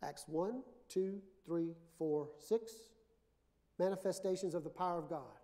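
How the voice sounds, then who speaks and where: High-voiced preacher in echoey church. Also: male voice, a little slow, dark tone. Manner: emphatic, builds to stretched-out declarations. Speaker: pastor. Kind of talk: sermon. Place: church sanctuary. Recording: reverberant church hall.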